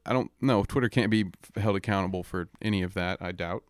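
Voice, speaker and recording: A young man with a low, smooth, clear voice, co-hosting a casual podcast in a dry, close-miked room. He delivers wry, sardonic remarks in an easy conversational way. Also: a little fast, no room sound. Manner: sardonic, wry running commentary. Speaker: podcast co-host. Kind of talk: casual chat.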